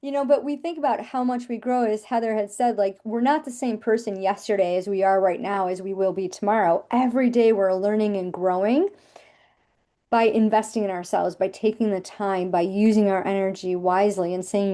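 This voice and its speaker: A woman's voice: mid-range voice, fairly even intonation, a little fast, warm tone. A woman in her fifties, a business coach giving an emphatic, repetitive motivational talk over a video call.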